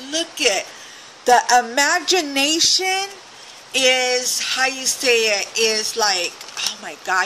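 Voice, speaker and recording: A woman's voice: on the high side, bright, forceful tone, slight background noise, rough recording. A woman craft vlogger opening a swap package, gushing and exclaiming as she goes. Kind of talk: casual unboxing chat.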